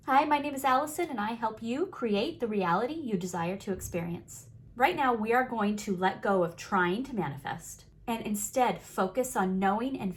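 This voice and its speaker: A woman with a fairly high, very animated voice gives a motivational talk on manifesting. She leans into key words, drawing them out and repeating phrases for emphasis. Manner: expressive, emphatic, repeats phrases with slow stresses. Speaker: manifesting coach.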